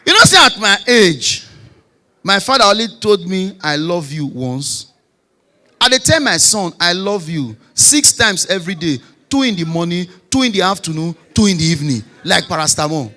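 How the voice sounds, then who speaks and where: A man in his forties with a Nigerian Pidgin English accent, telling stand-up comedy stories, shouting punchlines and dropping low for asides. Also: expressive, moderate pace. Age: 40s.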